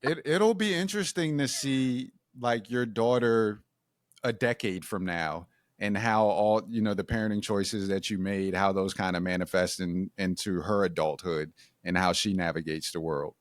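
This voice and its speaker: A man's voice: fairly low pitch, moderate pace, no room sound, clean studio sound. A man, a parent, talking as a podcast guest in a playful, teasing way and laughing often. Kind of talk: casual chat.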